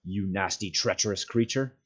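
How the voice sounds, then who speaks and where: A man's voice: fairly low pitch, moderate pace, husky. A man voicing an angry, loyal male hobbit who growls and scolds, on a dull lo-fi recording. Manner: growling, scornful.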